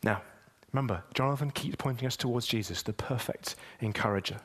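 A man's voice: brisk, slightly rough. A man preaching a sermon, speaking straight to the congregation and building to emphatic peaks. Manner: emphatic, with wide swings in pitch and loudness.

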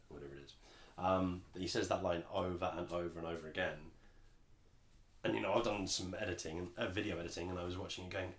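A man's voice: low-pitched, fast, roomy sound. An English man co-hosting a podcast, chatting casually and rambling with frequent restarts. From England. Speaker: podcast co-host. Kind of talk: casual chat.

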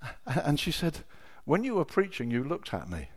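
A middle-aged man preaching a sermon, telling personal stories with emotion, dropping to a hush and then rising to loud exclamations. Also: fairly high pitch, wildly swooping pitch, normal speed, a little hiss or hum. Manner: emotional, swings from hushed storytelling to loud exclamation.

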